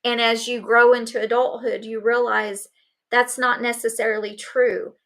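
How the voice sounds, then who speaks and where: A woman's voice: a little high, flat delivery, normal speed, a bit bright. A middle-aged woman giving an earnest personal testimony at a summit, acting out the voices of the people in her story. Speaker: summit speaker.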